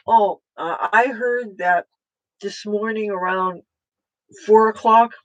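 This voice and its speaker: A political vlogger talking casually at home in a rambling, halting way with many fillers and restarts. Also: mid-range voice, steady tone, fairly bright tone, highs cut off.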